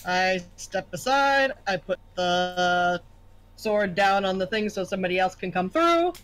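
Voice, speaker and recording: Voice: mid-range voice, expressive, measured pace, fairly bright tone, clean tone, dry recording. A player in a tabletop game who stammers and repeats words when starting to speak.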